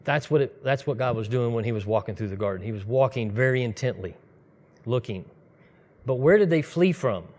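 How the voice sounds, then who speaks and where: A man delivers a sermon in a relaxed, conversational style. His voice sits at an ordinary middle pitch, and he slips into quick bursts as he tells a story. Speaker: pastor.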